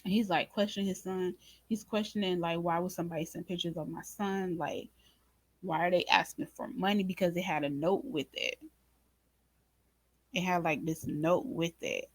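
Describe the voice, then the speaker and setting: A reaction channel host recaps a drama episode for her viewers in a casual, animated way, calling them "y'all" and "baby" and acting out her own reactions in quoted asides. Her voice is lowish, her speed normal, and there's no echo.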